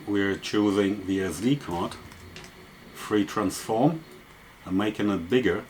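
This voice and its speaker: A man's voice: lowish voice, takes it slowly, a little mellow, slight background noise. A man walking through a photography and photo-editing tutorial step by step, explaining as he goes with frequent fillers. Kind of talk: screen-recorded software tutorial.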